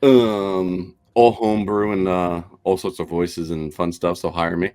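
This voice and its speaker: A man's voice: a little slow, smooth. A man chatting casually on a stream about his gaming projects, telling stories and acting out the people he quotes. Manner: animated storyteller, acts out quotes in higher voices. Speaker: game designer and dungeon master.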